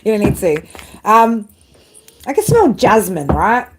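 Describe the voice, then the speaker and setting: A woman's voice: medium pitch, huge pitch swings, unhurried, noisy background. A woman chatting casually during a live tarot reading, laughing often and tagging "right?" onto her sentences. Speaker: tarot reader. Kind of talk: live-stream reading chat. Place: outdoors.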